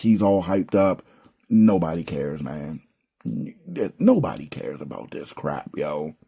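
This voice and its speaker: A man's voice: on the low side, warm tone, breathy edge. A young man ranting bluntly about a wrestling show, exasperated and profane, with slangy asides. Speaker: wrestling commentary vlogger.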